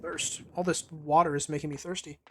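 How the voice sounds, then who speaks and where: A gaming streamer playing through a game and reading its lines aloud, with wry, deadpan asides. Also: medium pitch, a little fast, slight background noise. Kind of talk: let's-play commentary and reading dialogue aloud. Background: faint game music.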